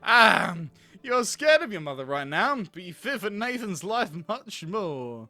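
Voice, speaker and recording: A man's voice: sits high, sing-song, a little slow, bright, forceful tone. A man playing through a narrative game, reading it aloud and commenting in a playful, sweary way. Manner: playful, sweary, laughs often. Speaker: gaming channel host.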